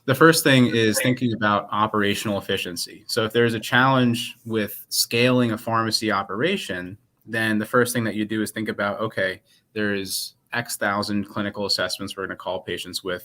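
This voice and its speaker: Low-voiced bright man explaining clearly. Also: fairly even intonation, normal speed. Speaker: pharmacist and company president. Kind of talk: casual interview answers.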